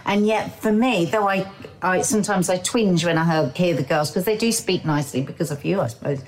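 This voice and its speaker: A woman's voice: lowish voice, brisk, rough recording. Frank middle-aged South London woman. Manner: frank, emphatic, talks in restarts. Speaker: podcast co-host. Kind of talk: casual chat.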